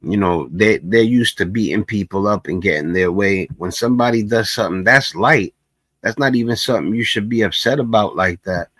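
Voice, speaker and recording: A man's voice: fairly low pitch, a little fast, fairly bright tone, no room sound. A man hosting a casual reaction commentary, talking in a laid-back, conversational way full of filler phrases. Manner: laid-back, conversational, lots of "you know". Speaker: commentary host.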